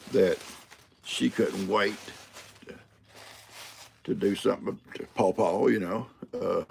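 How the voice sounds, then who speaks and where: Older guy on his livestream, super gravelly husky voice, goes up and down a lot telling his folksy stories. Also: medium pitch, a bit bright, slight background noise. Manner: folksy storyteller, laughs often, acts out quotes. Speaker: livestream host. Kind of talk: casual livestream chat.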